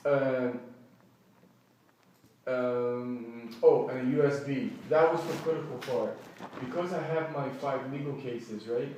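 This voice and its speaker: A man's voice: mid-range voice, slow pace, darkish tone, distant mic, a little hiss or hum. A man telling an agitated, rambling first-person account of a bad night, often quoting others and restarting his sentences. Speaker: man recounting a complaint. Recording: echoey room, voice from off-mic.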